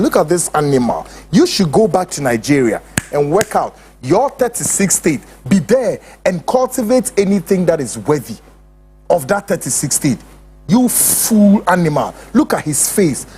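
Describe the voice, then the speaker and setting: A man's voice: high voice, a little mellow. A man with a Ghanaian accent hosting a show, ranting in heated, insulting commentary. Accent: Ghanaian English. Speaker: host.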